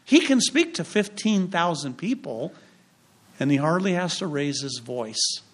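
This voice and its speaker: Man, pastor, sermon, emphatic, punchy, dramatic pauses, fairly high voice. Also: big pitch swings.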